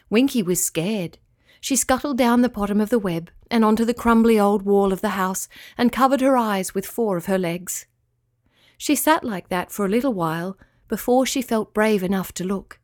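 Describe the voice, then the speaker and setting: A woman reading a children's bedtime story aloud in a soft, slow, soothing way. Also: mid-range voice, dry recording, studio quality.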